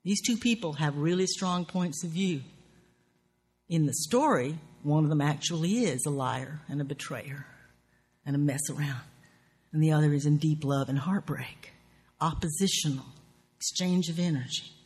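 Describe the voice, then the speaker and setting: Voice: medium pitch, moderate pace, a little mellow, husky. A writing teacher with a Southern US accent, lecturing on craft in an earthy, profane, wry way with folksy grammar.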